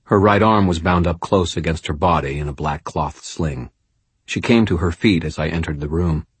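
A man narrates in the first person with a very deep, husky voice. His reading is measured and wry, recorded close and dry. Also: no room sound. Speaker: audiobook narrator.

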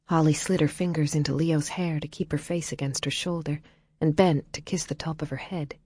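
A woman narrating an audiobook in a quiet, measured storytelling way. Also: sits low, fairly even intonation, breathy edge, no echo, clean studio sound.

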